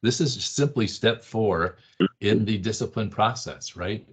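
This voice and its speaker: A man's voice: fairly low pitch, unhurried, slightly rough. A man teaching a Bible study class, conversational and emphatic, repeating short phrases and checking in with the class. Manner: conversational, keeps asking the class "right?". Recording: dull lo-fi classroom recording.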